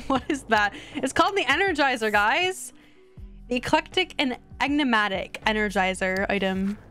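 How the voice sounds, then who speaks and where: Chatty high-voiced woman streamer. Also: moderate pace, soft background music. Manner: chatty, excitable, talks to viewers. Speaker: game streamer. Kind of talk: casual live-stream commentary.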